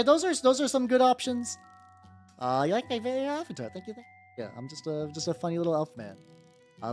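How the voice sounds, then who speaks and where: Lively rambling streamer man. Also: fairly high pitch. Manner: animated, rambling, repeats greetings, swears when excited. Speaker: miniature painting streamer. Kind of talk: casual livestream chat. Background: faint background music.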